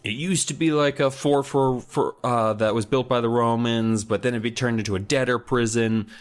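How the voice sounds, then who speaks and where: A man's voice: medium pitch, fairly even intonation, moderate pace. A man co-hosting a podcast, casually and comically recapping a book with lots of rambling asides. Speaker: podcast co-host.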